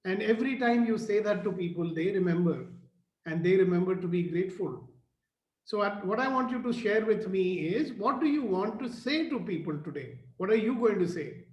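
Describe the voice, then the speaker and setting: A man's voice: high voice, animated, normal speed, reverberant, lo-fi sound. A man hosting a morning group video call, coaxing people with questions and laughing often. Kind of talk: motivational group talk on a call.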